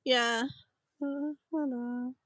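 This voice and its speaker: A woman's voice: high voice, fairly even intonation, drawn-out words, fairly bright tone, dry recording, poor audio. Chatty woman tarot reader, dry mic. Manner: rambling, filler-heavy, chatty. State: voice strained, clearing throat. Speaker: tarot reader streaming live. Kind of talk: casual live-stream chat.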